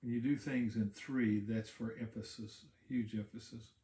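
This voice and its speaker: A man's voice: medium pitch, steady tone, normal speed, dark tone. A man, a pastor, giving a casual Bible teaching talk, explaining in a conversational way and repeating words while he thinks. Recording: roomy echo.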